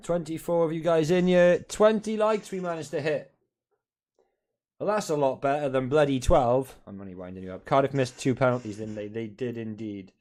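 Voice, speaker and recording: A man hosts a live football watch-along from in front of his television at home. He talks loosely and casually, rattling off scores and team sheets, with the odd swear word and a habit of winding up his viewers. His voice sits at an ordinary middle pitch for a man. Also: moderate pace, darkish tone. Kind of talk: casual live-stream chat.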